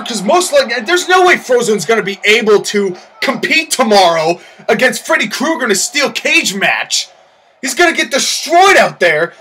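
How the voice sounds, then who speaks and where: Man, very high voice, bright and forceful, shouty wrestling play-by-play, faint background noise. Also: very animated, moderate pace, low-quality recording. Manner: loud, shouting outbursts, incredulous exclamations. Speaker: commentator of a simulated wrestling match. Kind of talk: excitable play-by-play commentary with in-character promo rants.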